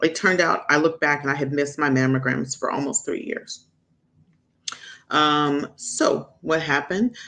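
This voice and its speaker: A middle-aged woman doctor, a podcast guest, telling a personal story frankly and animatedly, jumping up in pitch as she quotes others. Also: unhurried. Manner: animated, acts out quoted people with sudden high pitch; frank, candid.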